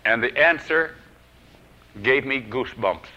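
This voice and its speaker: A man preaching a sermon, telling a personal story and swinging from loud declarations to hushed whispers. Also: medium pitch, a little slow. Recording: dull lo-fi old recording.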